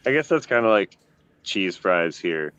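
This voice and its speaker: Deep-voiced laid-back Canadian man. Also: big pitch swings, a little slow, a bit bright, slight background noise. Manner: laid-back, laughs easily, chatty. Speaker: podcast co-host. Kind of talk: casual chat. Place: home, near a deck. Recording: dull lo-fi call audio.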